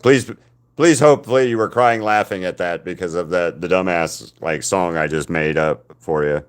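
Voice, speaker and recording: A man casually chatting to live-stream viewers while he paints, rambling and self-deprecating, talking to his chat between pauses. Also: deep voice, clean tone.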